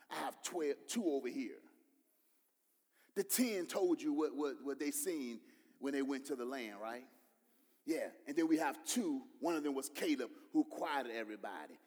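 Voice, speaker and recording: A man's voice: medium pitch, lively intonation, moderate pace, a little mellow, in a large hall. A man preaching a sermon, building in intensity and voicing other people as he goes. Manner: preaching with rising intensity, acting out voices of others. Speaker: pastor.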